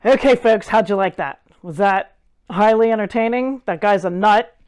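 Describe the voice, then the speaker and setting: A woman's voice: mid-range voice, normal speed, darkish tone, a little hiss or hum. A woman in her forties hosting a show, telling a personal story with wry, self-deprecating humor. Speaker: host. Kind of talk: casual storytelling monologue.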